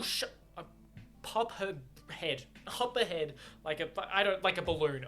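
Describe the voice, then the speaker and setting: A man's voice: high voice, normal speed, fairly bright tone, soft background music. A man reads a novel aloud on his vlog and breaks off to react, ranting and swearing in fits and starts. His voice is choked up and close to tears throughout. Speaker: book reaction vlogger.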